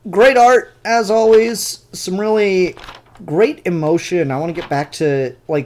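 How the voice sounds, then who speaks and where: Dude gushing about a comic to his camera, rambly, swears a bit, normal pitched voice. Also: a little mellow. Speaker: comic book reviewer. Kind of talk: casual review chat. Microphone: camera mic, showing pages to camera.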